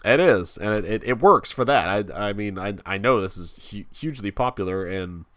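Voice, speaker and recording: A man hosting a casual wrestling podcast, rambling and halting with frequent restarts. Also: on the low side, lively intonation, a bit bright, no room sound. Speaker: podcast host.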